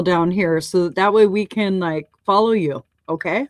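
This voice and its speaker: A woman hosting a live oracle card reading. She speaks gently and affirmingly, wandering and restarting phrases as she describes what she senses. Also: fairly low pitch, moderate pace, hardly any pauses, dry recording. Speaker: show host and oracle card reader.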